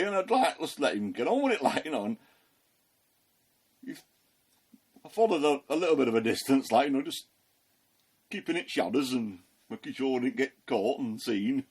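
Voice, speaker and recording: A Christian ministry performer with a husky, medium-pitched voice plays the apostle Peter, a plain-spoken working fisherman. In a first-person monologue, he retells the story in a chatty, folksy way packed with fillers.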